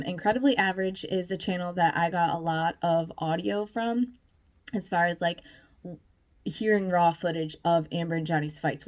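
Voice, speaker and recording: A woman vlogger giving casual, chatty commentary, full of fillers and little laughs. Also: lowish voice.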